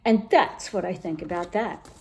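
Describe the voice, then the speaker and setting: A woman's voice: on the low side, normal speed, lightly acted. A woman voicing a bouncy, boastful cat boy who plays a chihuahua hero in a mock-Spanish swagger. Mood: sing-song.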